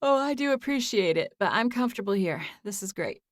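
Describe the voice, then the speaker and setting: A woman's voice: mid-range voice, lively intonation, brisk, no room sound, studio quality, voice pushed up, natural voice. A woman voicing an exhausted young woman who answers politely and apologetically, in an audiobook.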